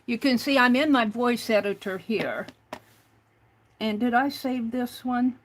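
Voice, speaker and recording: Slow-talking, high-voiced woman livestreamer. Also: a little hiss or hum. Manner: chatty, reads viewer comments aloud and spells out words. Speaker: livestream host. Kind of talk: casual livestream chat.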